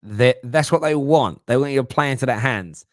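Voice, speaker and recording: A man hosts a fan football show, talking in a lively, slangy way as he answers viewer comments. His voice sits in a middling register. The sound is dry and close. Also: medium pitch, normal speed, dry recording. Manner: animated, mocking put-on voices, London slang like "bruv". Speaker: football talk show host.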